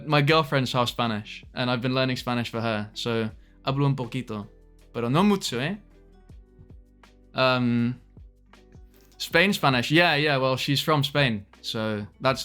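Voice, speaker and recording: A young man with a British accent chats loosely into a desk mic, greeting viewers and laughing between half-finished thoughts. His pitch sits at an ordinary middle for a man, and faint music plays softly behind him. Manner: chatty, greets viewers by name, laughs often, trails off mid-sentence. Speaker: live streamer. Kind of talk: casual live-stream chat.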